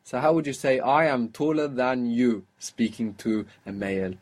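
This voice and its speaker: A man's voice: mid-range voice, normal speed. A man teaching a spoken Arabic lesson, explaining patiently and prompting his student with questions.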